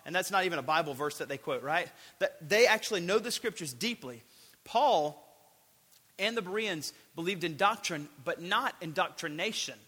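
A man's voice: high-pitched, expressive, fairly quick, bright, forceful tone, in a large hall. A man preaching a sermon, earnest and emphatic, building points through repeated phrases.

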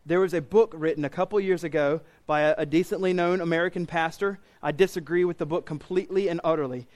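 A man's voice: on the high side, fast. A man preaching a sermon as pastor, earnest and emphatic, repeating key phrases for weight.

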